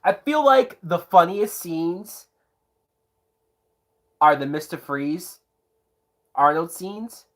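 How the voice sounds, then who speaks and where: A man's voice: high voice, big pitch swings, takes it slowly, pauses often, a bit bright. A tipsy man giving sarcastic, profanity-laced live commentary while watching a movie, breaking into whooping laughs. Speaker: movie reviewer.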